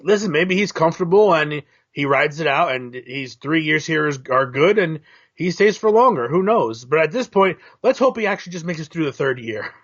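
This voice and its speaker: Measured man breaking down tactics. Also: on the high side, expressive, fairly bright tone, lo-fi sound. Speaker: co-host. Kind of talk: casual chat.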